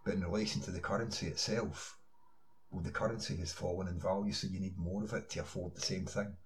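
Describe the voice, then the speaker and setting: A man's voice: low-pitched, fairly even intonation, quick pace, low-quality recording. A man in a ranting online monologue, insistent, firing rhetorical questions and filling gaps with "you know". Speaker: online commentator.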